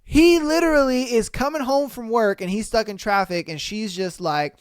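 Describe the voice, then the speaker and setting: Man, podcast host, casual slangy reactions, exclaiming, smooth clear voice, dry close sound. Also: sits high, moderate pace, hardly any pauses, no echo. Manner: exclaiming, slangy, calls listeners bro.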